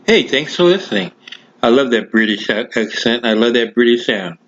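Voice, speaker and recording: A man hosts his own talk podcast in a loose, rambling way, stopping and restarting often with lots of fillers. His voice sits in a middle pitch. The recording sounds dull and lo-fi. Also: lively intonation, moderate pace, a bit bright. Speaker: podcast host. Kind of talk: casual rambling talk show.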